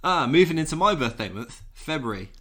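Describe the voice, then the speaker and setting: A man's voice: mid-range voice, sing-song, a little fast, pushed and bright. A man in his thirties co-hosting a podcast, reading out news items and cracking jokes between them. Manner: jokey, reads out news items with asides. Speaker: podcast co-host. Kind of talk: casual chat.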